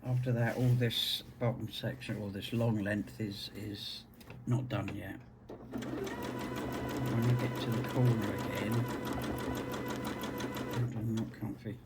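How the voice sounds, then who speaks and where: A woman's voice: extremely low pitch, fairly even intonation, takes it slowly, long pauses, very noisy. An English woman with a rambling, chatty manner, talking casually to viewers while she machine-quilts. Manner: rambling, chatty, self-deprecating asides. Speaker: quilting channel host. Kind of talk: casual chat while sewing. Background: loud music and a whirring sewing machine.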